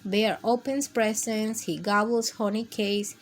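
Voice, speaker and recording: A woman reading picture books aloud to children with a gentle, expressive storytime manner. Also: mid-range voice, measured pace, a little hiss or hum. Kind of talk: read-aloud storytime for kids.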